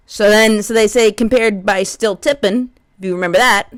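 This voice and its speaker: A woman's voice: mid-range voice, brisk, few pauses, dry recording. Woman comedian, solo podcast riff, rambling and profane, dry close mic. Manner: rambling, profane, animated riffing.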